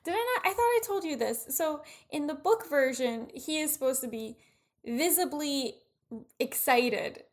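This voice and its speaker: A woman's voice: high-pitched, expressive, a little slow. A woman co-hosting a podcast in casual, chatty talk, full of "like" fillers and laughs. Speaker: podcast co-host. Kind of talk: casual pop-culture chat.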